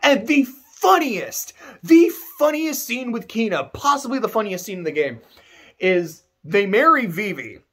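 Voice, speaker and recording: A man's voice: high voice, very animated, measured pace, fairly bright tone. A man giving a casual, sarcastic and profane rant as a video game reviewer.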